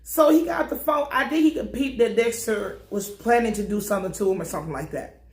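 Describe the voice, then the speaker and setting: Animated, cussing woman recapping a show. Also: on the high side, brisk, echoey room. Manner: profane, animated, acts out characters' lines. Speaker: TV episode recap reviewer. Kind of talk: casual recap commentary.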